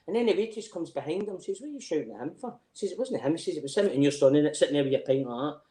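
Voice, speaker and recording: A man's voice: fairly high pitch, rapid-fire, roomy sound. A middle-aged Scottish man telling stories in a podcast chat, laughing a lot and swearing freely. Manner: animated storyteller, laughs often, swears freely. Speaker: podcast guest. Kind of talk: casual chat.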